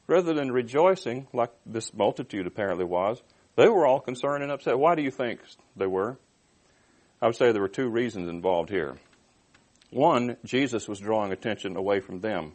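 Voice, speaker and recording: A man's voice: medium pitch, lively intonation, moderate pace, a little mellow. A man preaching through a Bible passage, reading verses aloud and explaining them in plain, conversational terms. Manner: reads scripture aloud then explains it, with restarts and asides. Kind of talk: expository Bible teaching.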